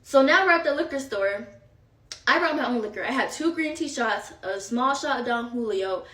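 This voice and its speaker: A young woman chats through a long storytime, circling back with asides to her viewers. Her voice sits a bit high and comes from some distance off the mic. The room around her is echoey. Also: animated, moderate pace, fairly bright tone. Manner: chatty, filler-heavy, rambling asides to viewers. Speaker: storytime vlogger. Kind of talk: casual storytime chat.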